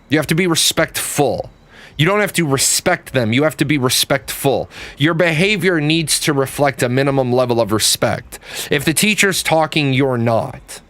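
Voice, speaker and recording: A man's voice: medium pitch, a bit bright, dry recording. A middle-aged man giving a casual opinion monologue and telling stories, blunt and emphatic, swearing freely. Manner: tells stories, acting out the quoted people. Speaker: video host.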